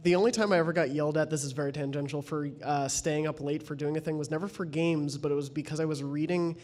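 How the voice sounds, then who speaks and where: Guy on a gaming podcast, kinda high voice, wry jokes about himself. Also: steady tone, fast, darkish tone, slight background noise. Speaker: panelist. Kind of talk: casual podcast chat.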